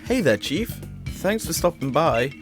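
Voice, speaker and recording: A man's voice: fairly high pitch, big pitch swings, measured pace, pitched above the performer's own voice. A man reading the lines of a hearty older male chief who is a devoted family man. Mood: jovial. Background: game music.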